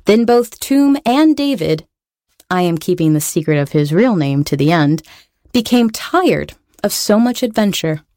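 Storybook reader, woman, playful and wry, lowish voice, dry close recording. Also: expressive, unhurried, a little mellow, dry recording. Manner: playful, with wry asides to the listener. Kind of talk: storybook reading aloud.

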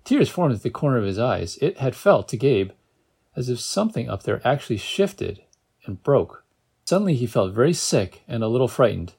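A man's voice: medium pitch, sing-song, moderate pace, vocal fry, darkish tone, husky. Guy reading a book aloud, casual, cracks little jokes, trips on words sometimes. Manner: casual, with joking asides and stumbles. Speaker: reader.

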